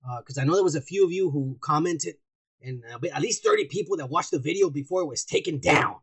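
A man hosting a podcast, telling crude stories loudly in profane casual banter. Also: a little high, quick pace, slightly rough. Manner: loud, crude storytelling. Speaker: podcast host.

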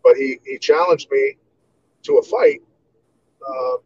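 A man in his fifties from Iowa, telling stories as an interview guest in a relaxed way, with many "you know"s. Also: medium pitch, slow, highs cut off, slight background noise. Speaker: guest, martial artist. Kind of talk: casual interview storytelling.

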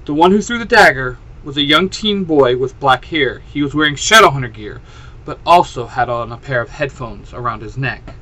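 A man's voice: mid-range voice, expressive, normal speed, pushed and bright, rough recording. A man reading a fan fiction story aloud, doing all the characters' lines himself with little change of voice. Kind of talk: storytelling narration.

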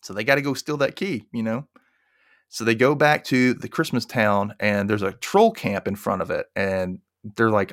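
A man with a lowish voice retells a film's story in a loose, chatty way. He slips into quick character voices as he goes. The sound is close and dry. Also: no room sound. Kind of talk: casual movie recap.

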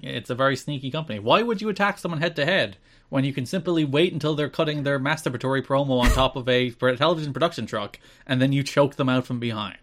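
A man co-hosting a casual podcast, recapping wrestling events with deadpan asides. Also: mid-range voice, quick pace. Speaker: podcast co-host.

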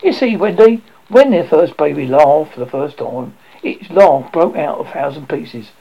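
Reader's take on a cocky storybook boy, bouncy and eager, husky gravelly tone, muffled lo-fi sound. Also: medium pitch, animated, a little slow. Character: boastful boy hero, lively and cocky. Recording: dull lo-fi recording.

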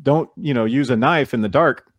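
A man's voice: mid-range voice, normal speed, dry recording. A man, a baseball player being interviewed, chatting casually and acting out the voices of people in his stories. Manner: animated storyteller who acts out quoted voices.

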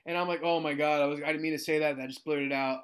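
Guy in his 30s telling funny stories, kinda high voice, does all the voices, gets loud and excited. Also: very fast. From United States. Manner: animated, acts out quoted voices, jumps in pitch. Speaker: guest storyteller. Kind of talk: casual storytelling chat.

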